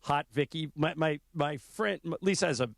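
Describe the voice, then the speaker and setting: A man co-hosting a sports radio show, chatting casually and telling stories with animated acted-out voices. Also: fairly high pitch, moderate pace, vocal fry, no echo, studio quality. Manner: animated storyteller, acts out quoted voices. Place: radio studio.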